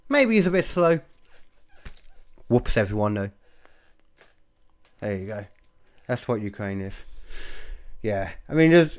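A young man from the UK talking alone in a loose, rambling way. He swears freely and mocks himself, jumping from loud bursts to low mumbles. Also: clean tone. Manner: rambling, self-mocking, sweary, quick swings between loud and mumbled. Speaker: podcaster and stand-up comic. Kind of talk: casual solo chat.

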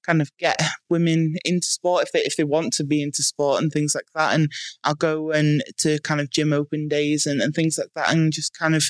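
A woman's voice: sits low, flat delivery, a little fast, no room sound, studio quality. A woman strongwoman athlete from the UK, answering interview questions frankly with plenty of "um" and "like". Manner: frank, lots of "um" and "like".

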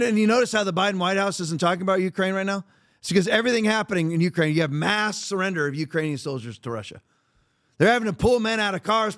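High-pitched man giving blunt political commentary. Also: fairly bright tone. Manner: blunt, emphatic, rambling with restarts. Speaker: podcast host.

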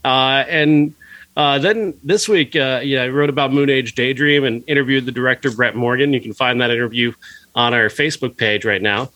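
A man's voice: medium pitch, normal speed, pushed and bright, dry recording, low-quality recording. A man co-hosting a movie podcast as a film critic, talking with eager enthusiasm and rambling through many restarts. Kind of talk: casual podcast chat.

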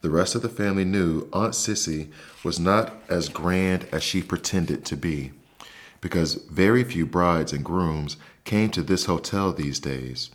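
Deep-voiced man narrating bedtime stories. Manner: soft, slow, soothing. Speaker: podcast host and narrator. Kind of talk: calm bedtime story narration.

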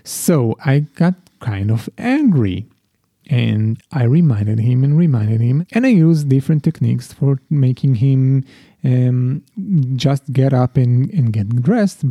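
A middle-aged man hosts a solo podcast in a reflective, confessional manner, often restarting his sentences. His voice is deeply dark and mellow. The sound is dry, with no room around it. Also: no echo, dull audio. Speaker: podcast host. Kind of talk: solo parenting podcast monologue.

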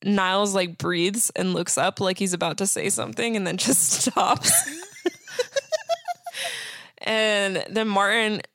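A woman's voice: mid-range voice, fairly even intonation, takes it slowly, creaky, long pauses, fairly bright tone, dry recording, clean studio sound. Giggly woman retelling a sitcom episode. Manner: laughs often while retelling scenes. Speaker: podcast co-host. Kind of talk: casual chat recapping a sitcom episode.

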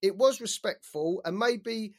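A British man co-hosting a boxing chat, excitable, swearing and saying "like" a lot. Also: sits high, a little slow. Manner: excitable, swears freely, many fillers like "like". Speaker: boxing podcast co-host. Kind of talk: casual chat.

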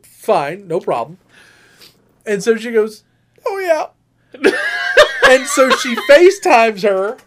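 This is a man with a high voice, co-hosting a podcast and telling a personal story in relaxed, casual chat. He tells it in an animated way and jumps up into a squeaky register whenever he quotes a woman. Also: takes it slowly, a little hiss or hum. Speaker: podcast co-host.

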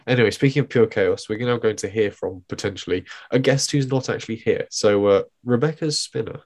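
A man co-hosting a podcast, relaxed and dry in casual chat. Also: fairly low pitch, a little fast, few pauses. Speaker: podcast co-host.

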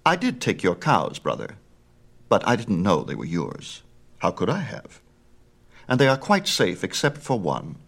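A man's voice: lowish voice, wildly swooping pitch, unhurried, vocal fry, a bit bright, full character voice. A male reader voicing a clever, mischievous infant god who drives sly, mock-polite bargains in a storybook myth. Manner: impish, wheedling, mock-polite.

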